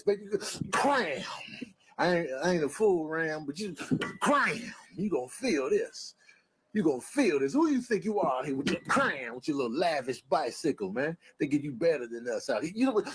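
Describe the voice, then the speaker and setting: A man's voice: a little high, very animated, normal speed, a crowd in the background, pitched below the performer's own voice, low-quality recording. A man voicing a brash, trash-talking male ram in a comedic animal voiceover, full of street slang and taunts. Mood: taunting. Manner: taunting, boastful, loud street banter.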